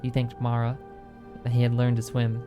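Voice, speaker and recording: A man's voice: medium pitch, monotone, moderate pace, music in the background. A man streaming a game and reading an in-game book aloud, with small slips, corrections and muttered asides.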